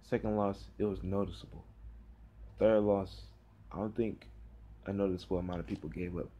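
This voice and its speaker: A teenage boy talking casually to camera in a tired, rambling way, with sighs and halting fillers. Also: low voice, fairly even intonation, mellow, husky. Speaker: vlogger. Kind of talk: casual talk to camera about football practice.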